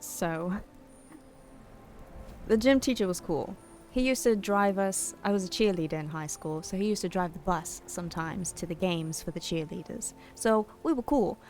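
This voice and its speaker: A woman's voice: on the low side, moderate pace, a little mellow, faint music behind. A young adult woman streaming a game, chatting casually and rambling to her viewers. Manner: chatty, rambling, talks to chat. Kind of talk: casual gameplay chat.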